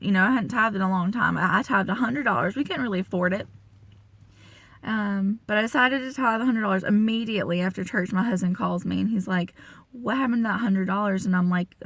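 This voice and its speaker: Animated woman telling a story in a dry room. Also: dry recording. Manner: conversational, frequent fillers, addresses listeners as y'all; animated storytelling with pitch jumps when quoting herself. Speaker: person sharing a testimony. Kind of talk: casual spoken faith testimony.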